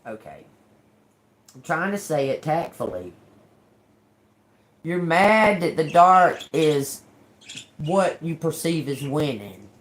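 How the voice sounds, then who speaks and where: A woman with a low, animated voice reads tarot slowly on a relaxed live stream, pausing often. She speaks encouragingly, ends lots of lines with "okay?", restarts and repeats words a good deal, and slips in sarcastic jokes.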